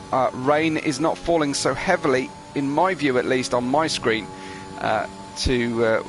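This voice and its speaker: A man's voice: medium pitch, fairly bright tone. A man commentating an online racing qualifying session, chatty, reading out viewer messages with frequent fillers. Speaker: race commentator.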